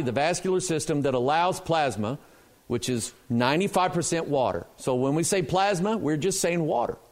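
A man preaching a sermon in a church, asking the congregation questions and answering them himself with emphasis. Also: fairly high pitch.

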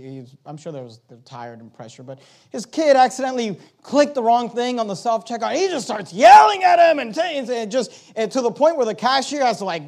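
A middle-aged male pastor delivers his sermon in a strikingly high voice. He drops to soft, confiding tones and then rises into loud, emphatic preaching.

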